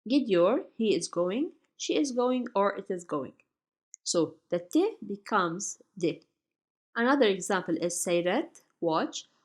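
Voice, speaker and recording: A woman teaching Turkish grammar from slides, saying each example word slowly and carefully. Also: mid-range voice, very animated. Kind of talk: slide-based grammar lesson.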